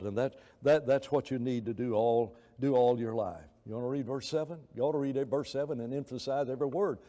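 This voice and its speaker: Mellow-voiced man teaching a Bible class. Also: mid-range voice, a little fast, few pauses. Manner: rambling and anecdotal, acts out quoted voices. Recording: long reverb of a church hall.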